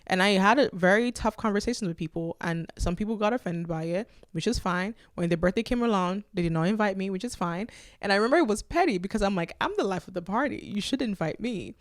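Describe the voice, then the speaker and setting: A woman hosting a podcast, giving blunt, animated advice in a casual chat and reading listener letters aloud. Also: medium pitch, fast talker, dry recording, studio quality. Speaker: podcast host.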